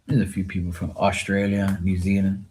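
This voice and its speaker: A man's voice: low voice, monotone, a little fast, darkish tone, slight background noise. A man from Bermuda with a Bermudian accent, chatting loosely and rambling to viewers of his live tarot stream. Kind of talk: casual live-stream chat.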